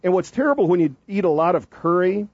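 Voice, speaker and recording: A high, very animated man with a husky edge, joking and stammering as he co-hosts a studio radio show. The sound is dry and somewhat dull, lo-fi. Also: quick pace, no echo. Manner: stammering, loud and jokey with repeated restarts. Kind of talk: bantering radio chat. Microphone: studio mic.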